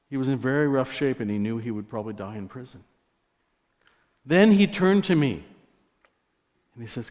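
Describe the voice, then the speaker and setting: In a church sanctuary, a guest preacher with a mid-range, slightly mellow male voice delivers a sermon testimony, relaying stories casually and turning aside to address the congregation. A long church hall reverb surrounds the recording.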